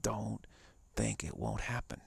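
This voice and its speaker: A man's voice: lowish voice, takes it slowly, vocal fry, slightly rough, no echo. A man giving a live-streamed spiritual talk as a teacher, emphatic and repetitive, often dropping into whispers.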